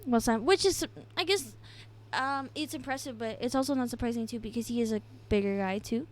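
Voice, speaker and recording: A woman's voice: on the high side, brisk. A young woman co-hosting a podcast, recapping the week casually, chatty and giggly with plenty of ums. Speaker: podcast co-host. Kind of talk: casual wrestling recap chat.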